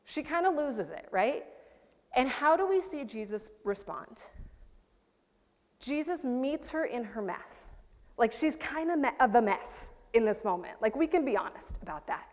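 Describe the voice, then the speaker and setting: A woman's voice: sits high, big pitch swings, a little slow, in a large hall. A woman pastor preaching a chatty, self-deprecating sermon, often checking in with her listeners. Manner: chatty, self-deprecating, frequent "right?" asides.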